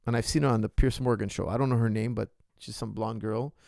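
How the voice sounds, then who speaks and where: A man's voice: lowish voice, fairly even intonation, quick pace, vocal fry, a little mellow, dry recording, studio quality. A man hosting a casual question-and-answer podcast as a martial arts coach, talking in a heated, indignant, emphatic way. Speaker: MMA coach and podcast host.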